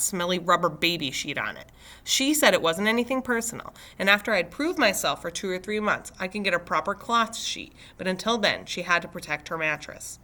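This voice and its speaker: Teacher lady reading a chapter book out loud, bright voice, steady storytelling. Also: fairly low pitch. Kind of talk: reading a novel aloud.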